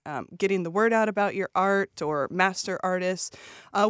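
A woman speaking as a nonprofit director on a radio interview, her answers full of pauses, ums and restarts. Her voice is mid-pitched and dry, close on a studio microphone. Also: clear, resonant tone, no room sound. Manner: hesitant, many ums and restarts.

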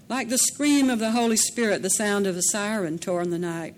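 A woman narrating a dramatic story in a measured way, slowing down in tense passages. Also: mid-range voice, slight background noise. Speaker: audiobook narrator.

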